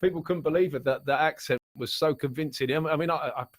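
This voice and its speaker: A man's voice: on the high side, fairly quick. A middle-aged man from Essex with an Essex English accent, chatting casually as a guest and rambling with frequent restarts. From Essex, England. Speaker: musician and author guest. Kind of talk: casual chat.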